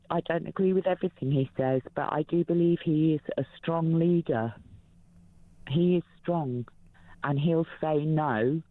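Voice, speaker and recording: A woman in her fifties calling in to a talk show, speaking emotionally and haltingly with many fillers. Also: sits low, no echo. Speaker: caller. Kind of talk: phone-in call. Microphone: telephone. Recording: tinny phone line.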